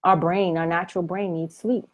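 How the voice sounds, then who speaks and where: A woman's voice: on the low side, steady tone, normal speed. A woman teaching on the Bible in a preaching video, speaking in a colloquial and emphatic way. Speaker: Christian author and Bible teacher.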